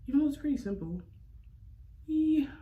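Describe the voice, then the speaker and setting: A young adult beauty vlogger with a high, animated voice rambles through a makeup tutorial at a moderate pace, using slang and "like" over and over. The audio has a phone-quality sound.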